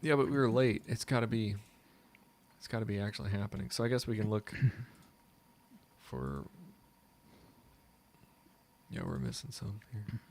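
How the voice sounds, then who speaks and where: A man's voice: lowish voice, a little slow, pauses often, darkish tone, a little hiss or hum. A man co-hosting a casual chat, joking and thinking aloud. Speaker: co-host.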